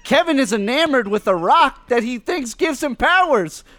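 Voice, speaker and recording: A podcast host putting on a relaxed comedian with a mock southern drawl, roasting people with jokes and frequent laughs. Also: male voice, very high voice, moderate pace, dry recording, full character voice.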